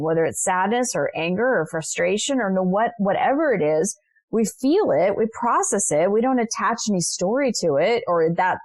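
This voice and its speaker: A woman's voice: mid-range voice, no echo. A middle-aged woman, a coach as podcast guest, telling stories in an earnest, reflective way. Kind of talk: podcast interview.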